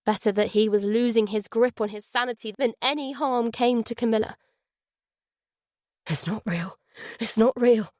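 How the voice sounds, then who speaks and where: A woman reading a thriller audiobook in a measured, suspenseful way. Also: a little high, darkish tone, no room sound, clean studio sound. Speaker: audiobook narrator. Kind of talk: scripted audiobook narration.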